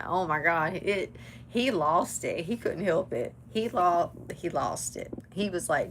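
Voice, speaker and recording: A woman's voice: lowish voice, slow, a little hiss or hum. A woman telling a chatty story to her live viewers during a tarot reading. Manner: chatty, animated, talks to live chat. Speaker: tarot reader.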